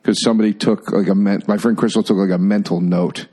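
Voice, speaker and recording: A man co-hosting a casual comedy podcast, rambling excitedly through stories and laughing often. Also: fairly low pitch, quick pace, breathy edge. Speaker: comedian co-host.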